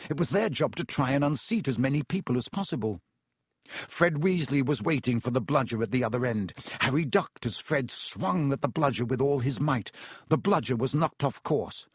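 A man narrating an audiobook in a steady storytelling manner. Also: medium pitch, moderate pace, breathy edge, dry recording, studio quality. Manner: steady storytelling, doing character voices. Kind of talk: scripted narration.

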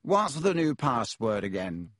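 A man reading aloud, voicing an arrogant, sneering teenage schoolboy who drawls slowly, in a dry recording. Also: medium pitch, sing-song, fairly bright tone, no room sound.

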